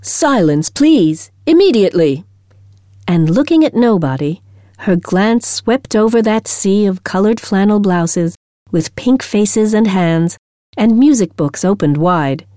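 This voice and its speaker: Audiobook narrator: woman, deliberate storyteller, mellow tone. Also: mid-range voice, expressive, no echo, studio quality. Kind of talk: scripted narration of a short story.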